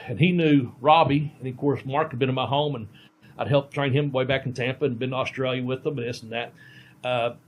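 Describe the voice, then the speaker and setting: Rambling middle-aged male storyteller. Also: mid-range voice. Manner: rambling, many ums and restarts. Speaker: podcast co-host and veteran pro wrestler. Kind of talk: casual podcast storytelling.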